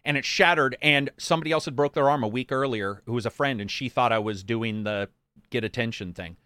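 A man talking casually, swearing freely and acting out what people said in jokey voices. His voice sits at a middle pitch and sounds close and dry, with no room around it. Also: fairly quick, sharp tone, clear, resonant tone, no room sound. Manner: profane, jokey storyteller acting out quotes. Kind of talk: casual chat.

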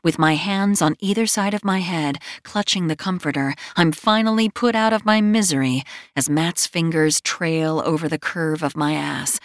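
A woman narrates a first-person romance audiobook close to the mic, telling the story in a wry, self-mocking way. Her voice is low, at normal speed, in a dry recording.

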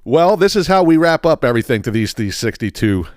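Male podcast host, mid-pitched, dry close sound, swears freely and rambles with stammers. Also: sing-song, brisk, dry recording. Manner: profane, rambling, stammering repeats. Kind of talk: casual solo podcast monologue.

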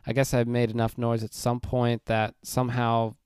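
A man in his thirties hosting a podcast, telling a long rambling story in a casual, animated way and acting out what people said. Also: mid-range voice, normal speed, clear, resonant tone, no room sound, studio quality. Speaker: podcast host. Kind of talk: casual solo podcast monologue.

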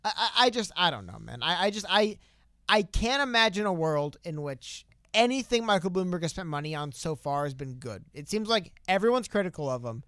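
A young man talks politics with a co-host in a clear, smooth voice, recorded close and dry with no room around it. He argues hard, his pitch jumping as he gets worked up, and he drops into quick mocking impressions of public figures along the way. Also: very animated, sharp tone, dry recording. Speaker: political talk show co-host. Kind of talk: casual political debate chat.

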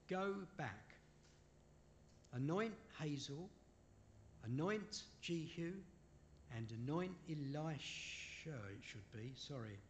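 A man preaching a sermon in an unhurried way, asking his listeners rhetorical questions and making apologetic asides. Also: mid-range voice, slight background noise. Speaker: preacher leading a Bible study.

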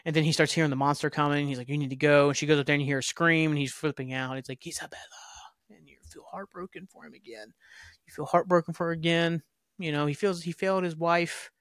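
A man's voice: fairly high pitch, a bit bright, no room sound, studio quality. A young man hosting a podcast, casually recapping a TV episode with rambling, offhand asides. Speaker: podcast host.

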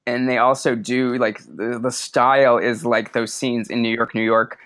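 A man chatting casually on a podcast about a film, talking in quick, profane bursts with laughs. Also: mid-range voice, little pitch movement, fairly bright tone, no echo. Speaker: podcast co-host. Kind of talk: casual film-discussion chat.

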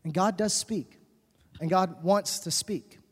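A woman's voice: fairly low pitch, slow pace, husky. Emphatic woman pastor preaching in a reverberant hall. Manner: earnest, emphatic, repeats key phrases. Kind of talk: sermon. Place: large church hall.

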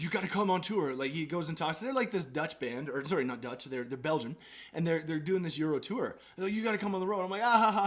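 A young adult man, a podcast guest telling a story in a casual, animated way, acting out his own past lines with lots of fillers and restarts. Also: medium pitch. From Canada.

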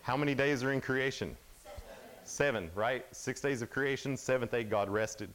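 A man giving a youth sermon, telling a Bible story in an animated, casual way, full of "like" and quick asides. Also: medium pitch, slight background noise. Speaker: youth speaker.

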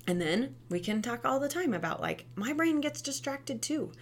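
A woman's voice: high voice, lively intonation, moderate pace, a little hiss or hum. A young woman talking earnestly about parenting as a mother, chatty and tagging her points with "right?". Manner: earnest, chatty, frequent "right?" tag questions. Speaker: mother sharing parenting advice. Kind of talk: casual monologue.

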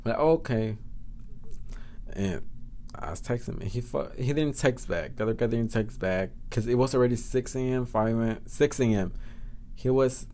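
A man's voice: medium pitch, normal speed, darkish tone. Male podcast host with a Spanish accent, mid-range voice, blunt profane storyteller. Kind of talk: casual storytelling monologue.

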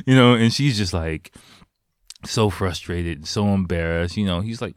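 A man with a very low voice tells a personal story in a loose, rambling way. He swears freely and fills his talk with "like" and "you know." The sound is dry and close. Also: normal speed, no echo. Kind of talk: casual storytelling.

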